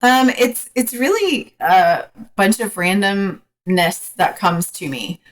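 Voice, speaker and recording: A woman coach as a podcast guest, talking frankly in a casual, hesitant way with many pauses. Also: mid-range voice, expressive, low-quality recording. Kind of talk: casual interview chat.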